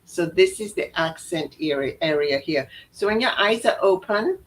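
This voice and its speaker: A woman's voice: fairly low pitch, lively intonation, normal speed, poor audio. A woman giving a chatty makeup lesson, showing steps on camera and often repeating or correcting herself. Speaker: makeup instructor. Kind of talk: live makeup tutorial.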